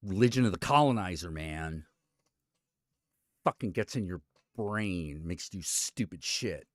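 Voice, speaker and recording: A man's voice: low voice, lively intonation, unhurried, no echo, clean studio sound. A man hosting a live stream, talking casually with blunt, profane commentary and chatting to his cat. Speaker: streamer host.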